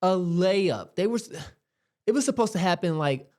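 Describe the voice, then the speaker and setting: A man's voice: high voice, animated, normal speed, darkish tone. A man hosting casual reaction commentary, rambling and exasperated, with many fillers. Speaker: host.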